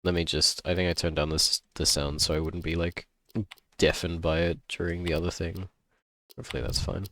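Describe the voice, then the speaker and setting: A man streaming a game live, chatting playfully and greeting his viewers with excitement. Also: low voice, brisk, no echo. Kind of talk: casual livestream chat while gaming.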